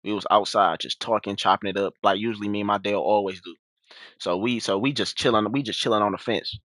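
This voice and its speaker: A man's voice: quick pace, dry recording. A young man telling a story in a casual, slangy way, acting out the quoted lines in a raised voice. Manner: animated, slangy, acts out quotes in a high voice.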